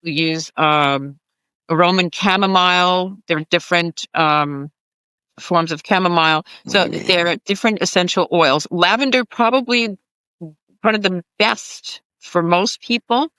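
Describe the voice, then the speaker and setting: Bright, smooth-voiced doctor on a panel. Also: medium pitch, a little slow, dry recording, poor audio. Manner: informal, explains by listing examples. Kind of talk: panel discussion.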